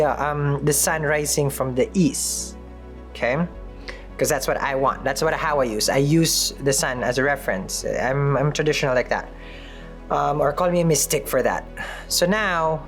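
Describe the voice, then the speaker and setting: Casual host of a tarot reading, mid pitch, chatty with sarcastic asides, light music underneath. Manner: chatty, with frequent "mm-hmm" asides and dry sarcasm. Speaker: tarot reader and spiritual advisor.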